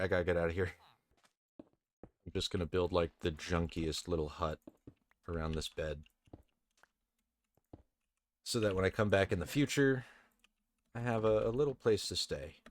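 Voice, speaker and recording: Low-voiced man in relaxed game commentary. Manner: casual, chatty, swears, talks to game characters. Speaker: let's play host.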